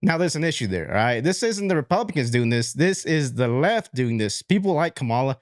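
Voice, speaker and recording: A man's voice: mid-range voice, big pitch swings, brisk, no room sound, clean studio sound. A man hosting an opinionated political commentary show, talking bluntly and conversationally to his viewers. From Latino.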